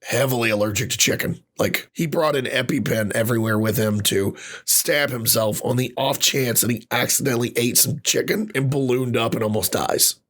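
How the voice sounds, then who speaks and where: A man with a husky, rough-edged voice rants his way through a casual podcast chat. He swears freely and gets worked up, his speaking pitch sitting in an ordinary middle range. The roughness comes from a voice still recovering. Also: moderate pace, hardly any pauses. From Ireland. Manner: animated ranting with frequent swearing. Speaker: podcast co-host.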